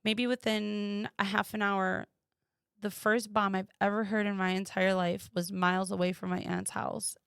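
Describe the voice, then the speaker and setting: Woman, mid pitch, gravelly, animated storyteller, dry sound. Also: no echo. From United States. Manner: animated, quoting others with rising pitch. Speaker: guest. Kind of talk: personal storytelling.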